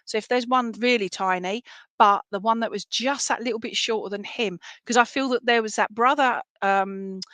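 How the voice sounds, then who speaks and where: A woman's voice: medium pitch, a bit bright, dry recording. A woman medium giving clairvoyant readings in an online service, chatty and affectionate, often checking in with "all right?". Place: home, by herself.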